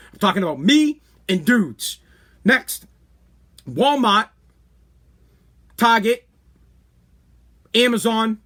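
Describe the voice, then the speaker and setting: A man's voice: extremely high pitch, sharp tone. A man hosting a podcast, ranting bluntly and heatedly with profanity and lots of repetition. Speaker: podcast host. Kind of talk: opinion rant.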